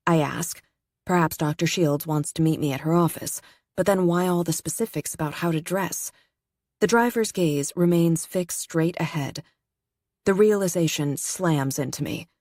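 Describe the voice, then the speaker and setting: Low-voiced woman reading an audiobook. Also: a little mellow, no room sound, clean studio sound. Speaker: audiobook narrator. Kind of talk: first-person audiobook narration.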